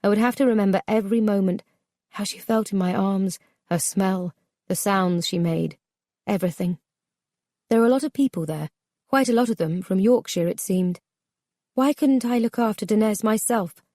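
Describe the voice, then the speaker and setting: A woman narrating a memoir audiobook in a measured, subdued, somber way. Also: medium pitch, dark tone, no room sound, studio quality.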